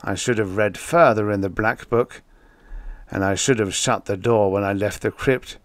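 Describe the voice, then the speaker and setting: A man's voice: fairly low pitch, moderate pace, no room sound, lightly acted. A man voicing an obsessed, haunted male explorer who growls and raves. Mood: brooding. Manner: growling, raving.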